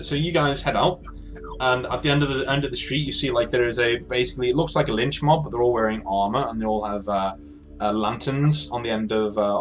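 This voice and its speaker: A man's voice: medium pitch, a bit bright. A man running a tabletop game as game master, describing scenes loosely with many restarts.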